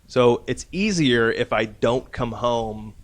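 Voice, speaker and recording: A man's voice: medium pitch, lively intonation, takes it slowly. A man hosting a casual podcast, telling a rambling, profane anecdote and laughing at his own story. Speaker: podcast host.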